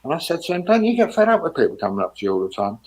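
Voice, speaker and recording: A man in his sixties, a guest telling casual, rambling stories with lively rises in pitch. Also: racing. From England. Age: 60s. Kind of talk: casual anecdotes.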